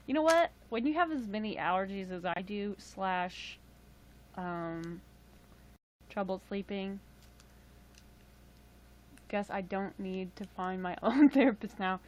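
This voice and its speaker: A woman's voice: medium pitch, animated, slow pace, long pauses, a little hiss or hum. A young woman casually chatting on a livestream, rambling with lots of fillers and self-deprecating asides. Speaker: livestream host.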